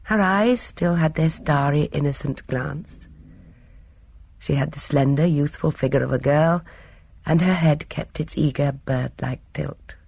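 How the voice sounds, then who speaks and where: A measured audiobook narrator with a gravelly, fry-edged voice at a middle pitch. The reading is steady and even. The recording is close and dry, with no room sound. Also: no room sound. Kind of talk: scripted narration.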